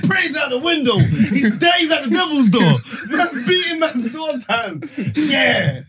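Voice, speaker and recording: High, lively man telling stories. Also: moderate pace, raised voice, a loud crowd. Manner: animated storytelling, laughing, London slang. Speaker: podcast co-host. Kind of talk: casual banter.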